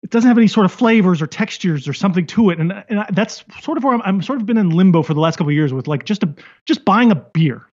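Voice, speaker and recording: A man's voice: high voice, expressive, fast, few pauses, a little mellow, muffled recording. A man co-hosting a podcast in easygoing casual chat, hesitant and full of fillers. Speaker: podcast co-host.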